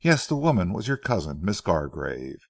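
A man reads the part of a steady police corporal in an old adventure tale, speaking quietly and deliberately in a low, gravelly, exaggerated voice. The recording is close and dry.

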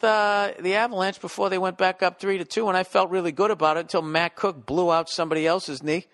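Profane ranting man, fairly high voice. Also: a bit bright. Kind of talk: casual ranting monologue.

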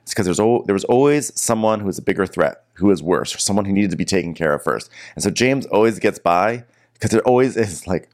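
A man co-hosting a podcast, recapping a reality show in wry, animated, casual chat. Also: deep voice, a little fast. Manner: animated, wry, laughs often. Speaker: podcast co-host.

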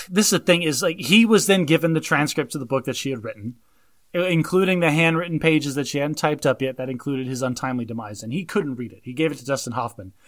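A man co-hosting a casual movie discussion, excitedly retelling scenes and acting out the lines. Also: on the high side, fast talker, dry recording, clean studio sound. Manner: animated, laughing, acts out quotes. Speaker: podcast co-host.

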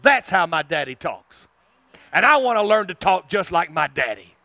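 Man, Southern accent, preaching, high-pitched, close dry sound, fervent then hushed. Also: sing-song, moderate pace, gravelly, no room sound. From South Arkansas. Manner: swings between loud fervent preaching and hushed tender passages; chuckles at his own asides. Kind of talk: sermon.

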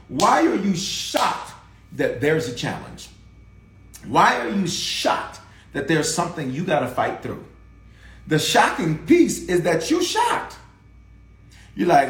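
Fervent preaching man, lively pitch. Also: roomy sound. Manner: fervent, call-and-response preaching. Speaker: pastor. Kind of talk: livestreamed sermon.

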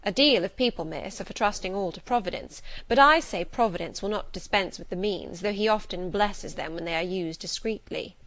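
A woman voicing a composed, guarded middle-aged woman servant who speaks in a demure, measured way. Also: medium pitch, a bit bright, no echo, lightly acted.

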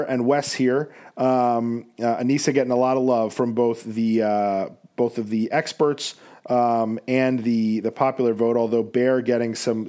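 A man's voice: medium pitch, darkish tone. A man hosting a podcast, talking casually through awards picks with lots of fillers. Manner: conversational, many fillers. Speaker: podcast host.

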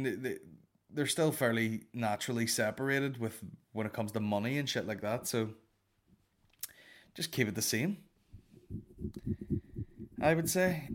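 A man with a Northern Irish accent hosting a comedy podcast alone, answering listener questions in a sweary, rambling, self-mocking way. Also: mid-range voice. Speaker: podcast host. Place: alone in a room.

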